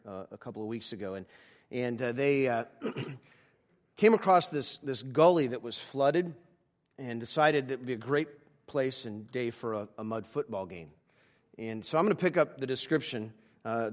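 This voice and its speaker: A man, a pastor, delivering a sermon with frequent restarts that builds to emphatic, louder preaching. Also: medium pitch.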